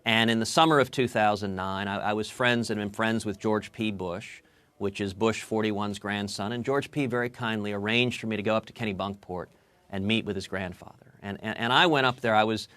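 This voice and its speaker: A man, a political guest, telling a story in a TV interview with animated delivery and repeated words at the starts of his sentences. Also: lowish voice, a little fast, smooth, no room sound.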